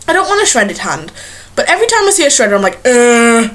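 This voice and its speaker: A woman's voice: a little high, big pitch swings, fast talker, a bit bright. A young woman chatting casually to a webcam in a small bedroom, rambling and giggling at herself. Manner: rambling, giggly, self-mocking. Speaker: vlogger. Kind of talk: casual chat to camera.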